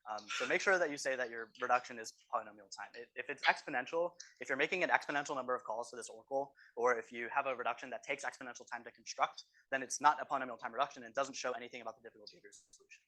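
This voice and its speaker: A man's voice: mid-range voice, very fast, few pauses, sharp tone. A man teaching an exam review lecture in a university classroom, explaining step by step and often checking in with "right?". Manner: explanatory, tags statements with "right?". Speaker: course teaching assistant.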